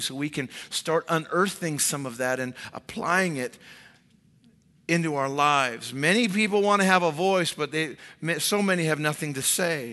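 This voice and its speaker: A pastor preaching to his congregation, his bright, forceful voice carried by the long reverb of a large church hall. He preaches with animation and drops his voice low for emphasis. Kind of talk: sermon.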